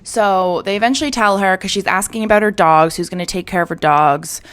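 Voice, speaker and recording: A woman's voice: medium pitch, a little fast, a bit bright. A young woman hosting a true crime show. She retells the case in a casual, chatty way, full of "like" and "you know.".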